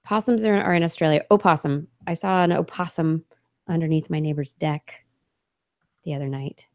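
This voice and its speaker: A woman's voice: low-pitched, steady tone, moderate pace, no echo, studio quality. A woman co-hosting a science podcast, chatting casually, laughing often and trailing off mid-thought. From Oregon, USA. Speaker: podcast co-host. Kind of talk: casual chat.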